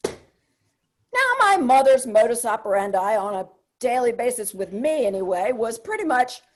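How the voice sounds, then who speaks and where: An older woman delivers a comedic solo stage monologue in a high voice that leaps around. She is wry and confiding and lands punchy asides. Her tone swings from sly to exasperated. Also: very animated, a little slow. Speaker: solo theater performer.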